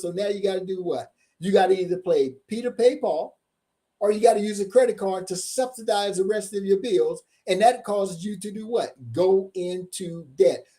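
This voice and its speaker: A man's voice: sits high, dark tone. A man delivers a motivational seminar presentation as a tax coach. He speaks emphatically, drawing out his key points and repeating them. He keeps asking his audience questions to pull them in.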